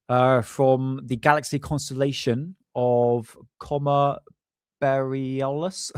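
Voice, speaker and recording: A man's voice: medium pitch, no room sound. Male streamer, mid-range voice, rambling chatty delivery with chuckles, dry close sound. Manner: rambling, chuckling, stumbles over words. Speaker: livestream host. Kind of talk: casual live-stream commentary.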